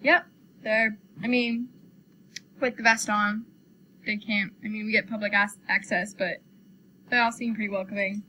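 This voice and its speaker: A woman's voice: medium pitch, moderate pace, pauses often, slight background noise. A young woman, a dog trainer chatting casually and animatedly retelling conversations. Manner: chatty, animated when quoting people. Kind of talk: casual chat.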